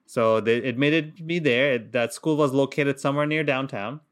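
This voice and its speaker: A man's voice: mid-range voice, normal speed, clear, resonant tone. A man in his thirties, raised in Qatar, telling a story in casual chat and acting out the voices of the people in it. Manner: animated, acts out voices in anecdotes, laughs often. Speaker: podcast co-host.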